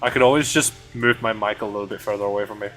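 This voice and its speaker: A man streaming a game and reading its dialogue aloud, talking loudly and excitably and swearing freely. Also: fairly low pitch, racing, faint music behind, low-quality recording.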